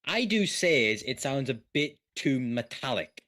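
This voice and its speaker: A man's voice: mid-range voice, very animated, unhurried, fairly bright tone. A man chatting casually on a stream, hesitant and repeating his words. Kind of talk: casual chat.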